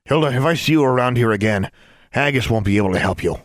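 A man's voice: medium pitch, expressive, fast, no room sound, clean studio sound, pitched above the performer's own voice, natural voice. A man voicing a stern, commanding male station guard who speaks curtly. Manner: curt, commanding.

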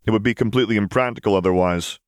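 A tired young councilman, cold and unmoved, every word measured and hard, read by a man in a storybook. His voice sits a little higher than the narrator's deep tone, the sound dry. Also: no room sound, natural voice. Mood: dismissive.

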